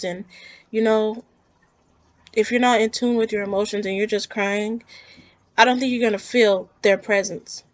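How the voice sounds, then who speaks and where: A woman speaks in a heartfelt, rambling way, circling back on her words as she talks through her own grief. Her voice sits at an ordinary middle pitch. The sound is dry and close, with no room echo. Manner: earnest, rambling, emotional. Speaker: vlogger. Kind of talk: personal talk to camera about grief.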